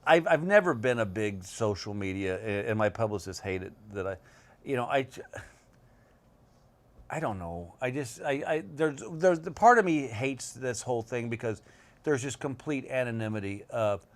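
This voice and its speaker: A middle-aged male comedian chatting casually as a guest, telling rambling stories with a slow drawl and many restarts. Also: medium pitch, lively intonation. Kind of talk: casual chat. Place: bedroom set.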